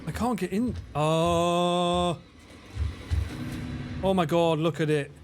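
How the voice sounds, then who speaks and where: A man giving casual gaming stream commentary, swearing, laughing and breaking into sudden loud yelps. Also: high voice, fairly even intonation, slow pace, a little hiss or hum. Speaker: livestreamer.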